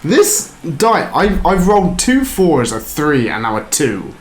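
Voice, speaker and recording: A man playing in a tabletop game, talking slowly and wryly. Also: on the high side, big pitch swings, a crowd in the background. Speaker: player. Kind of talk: casual tabletop play. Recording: noisy home recording.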